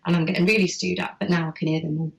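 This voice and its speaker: A woman host chatting casually and telling a personal story in a candid, animated way. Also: on the low side, rapid-fire, vocal fry. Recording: roomy echo.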